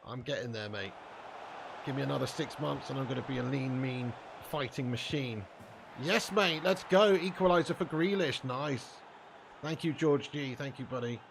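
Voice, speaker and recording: A man's voice: medium pitch, moderate pace, vocal fry, background noise. A man live-streaming a football game, bantering casually with his chat, reading out comments and swearing freely.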